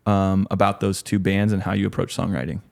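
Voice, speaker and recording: Lower-voiced man co-hosting a podcast. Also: level tone, a little fast, gravelly. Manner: enthusiastic, swears casually. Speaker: podcast co-host. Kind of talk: casual podcast chat.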